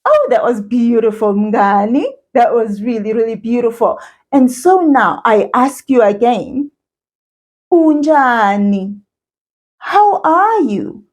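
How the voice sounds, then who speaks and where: Slow, lively-voiced teacher woman. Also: fairly high pitch. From South Africa. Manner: slow, encouraging, repeats words for learners to echo. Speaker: children's isiZulu teacher. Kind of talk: children's language lesson.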